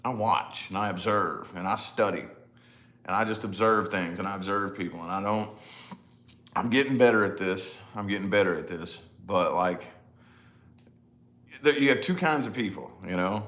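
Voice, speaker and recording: Man, thirties, fairly low voice, loose rambling vlog chat to camera, laughs at himself, says "you know?" a lot. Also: normal speed, fairly bright tone. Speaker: vlogger, father.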